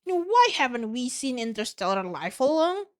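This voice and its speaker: A woman's voice: on the high side, very animated, normal speed. Woman reading as a haughty scientist woman. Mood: scornful. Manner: condescending.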